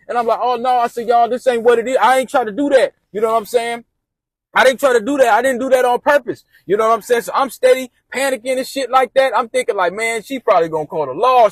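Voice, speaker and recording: High-voiced man rambling through a story. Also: no echo. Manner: rambling, repeats himself, restarts. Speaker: vlogger telling a story. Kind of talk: casual storytime monologue.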